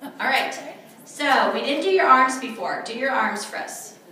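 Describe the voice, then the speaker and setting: A woman's voice: high-pitched, measured pace, a little hiss or hum. Playful woman presenter in echoey room. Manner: playful, teasing, energetic. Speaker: workshop presenter. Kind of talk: live demonstration to an audience. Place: event room at a retreat. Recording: echoey room, mic far off.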